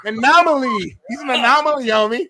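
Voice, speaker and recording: A man co-hosting a sports talk show, slangy, excitable and quick to laugh. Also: very high voice, crowd noise. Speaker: co-host. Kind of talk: casual sports chat.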